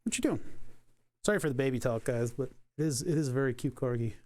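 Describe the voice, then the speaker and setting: A man chatting casually to his stream audience from a home workspace on a desk mic. He rambles with fillers and restarts, and breaks into high baby talk for his dog. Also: fast, darkish tone. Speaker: livestreamer. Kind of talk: casual live-stream chat. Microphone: desk mic on a cable.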